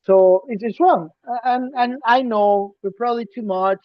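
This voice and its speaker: A man co-hosting a casual podcast, emphatic and ranting, swinging between loud bursts and quiet asides. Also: very high-pitched, moderate pace, no echo. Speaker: podcast co-host. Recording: dull, dry lo-fi sound.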